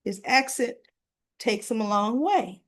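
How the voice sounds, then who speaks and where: A woman's voice: fairly high pitch, animated, a little slow. A woman casually retelling soap opera episodes for her channel, chatty and full of asides. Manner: chatty, leisurely storytelling with asides and fillers. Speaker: soap opera recap vlogger.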